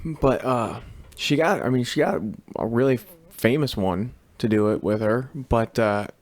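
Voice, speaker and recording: A young man co-hosting a podcast in an easygoing, halting way with many fillers. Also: medium pitch. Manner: hesitant, lots of fillers, easygoing. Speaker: podcast co-host. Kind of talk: casual chat.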